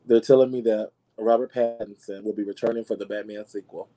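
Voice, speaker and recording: A man hosting a podcast and dishing celebrity gossip in a sassy, dramatic way, calling his listeners y'all and jumping into high squeals to make a point. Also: steady tone, fairly quick, mellow, poor audio. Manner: swoops into high squeals for emphasis. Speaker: podcast host. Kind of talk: casual gossip commentary.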